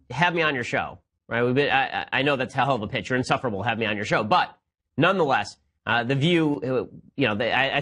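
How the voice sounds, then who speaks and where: A man's voice: medium pitch, a bit bright. A man hosting a political commentary show, speaking in a combative, sarcastic way with mocking asides.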